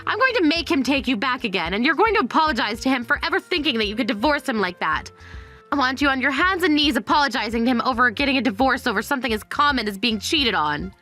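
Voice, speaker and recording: A greedy, scornful mother with a high, harsh voice, put on by a woman. She berates and belittles in a sharp, cutting tone, like a voice in a dramatized storybook. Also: expressive, quick pace, soft background music, full character voice. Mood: berating.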